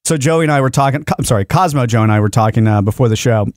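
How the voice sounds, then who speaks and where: A man hosting a radio talk show from the studio, telling a story with lively banter and acting out both sides of a phone call. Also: medium pitch, rapid-fire, no echo.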